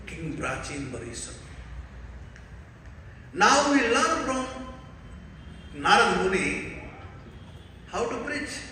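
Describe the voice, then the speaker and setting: A man from North India with a North Indian accent, preaching a scripture class in an animated storytelling way and quizzing his listeners. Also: fairly high pitch, noisy background. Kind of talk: sermon. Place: large temple hall. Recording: echoey hall recorded from far off.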